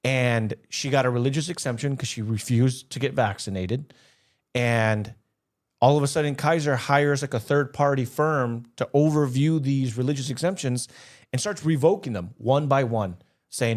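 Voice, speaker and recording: A young man from the Los Angeles area co-hosts a casual podcast. He talks in an impassioned way, often doubling up his words as he goes. His voice sits at an ordinary middle pitch for a man. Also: normal speed. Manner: emotional, repeats words when worked up. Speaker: podcast co-host. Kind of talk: casual podcast chat, storytelling.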